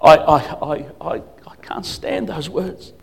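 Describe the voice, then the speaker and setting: A man preaching as a guest speaker at a church service, emphatic, swinging between loud declarations and quiet asides. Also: a little high, takes it slowly, gravelly, husky. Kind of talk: sermon.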